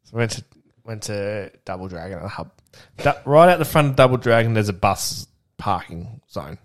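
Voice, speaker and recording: A man's voice: on the low side, animated, normal speed. Laughing man telling a story. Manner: swears freely, tells stories with lots of laughter. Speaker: podcast co-host. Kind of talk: casual chat.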